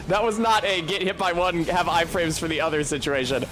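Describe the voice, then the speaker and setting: Profane, excitable streamer man. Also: fairly high pitch, moderate pace, background noise. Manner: profane, self-mocking, exclamatory. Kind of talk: live gameplay commentary.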